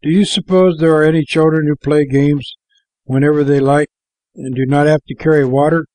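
A man's voice: on the high side, steady tone, normal speed, darkish tone, no echo, close to an everyday voice. A man voicing a curious, slightly shy young girl in a storybook, asking eager questions. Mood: wondering.

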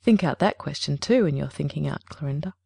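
A woman plays a kindly old lady of sixty from a storybook, speaking gently and gravely in a low, quiet voice. It has a gravelly edge and sounds close and dry. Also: lively intonation, fairly quick, dry recording, full character voice. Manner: gentle, grave, soft-spoken.

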